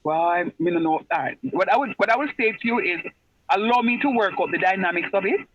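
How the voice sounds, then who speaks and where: A man's voice: sits high, expressive, fairly quick. A man, teaching an online class in a chatty way and repeating phrases for emphasis. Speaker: lecturer. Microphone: video call. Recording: muffled video-call audio.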